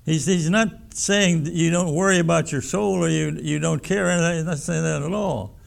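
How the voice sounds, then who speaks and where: A man's voice: a little high, normal speed, gravelly. A pastor preaching a sermon in a folksy, emphatic way, often repeating his words.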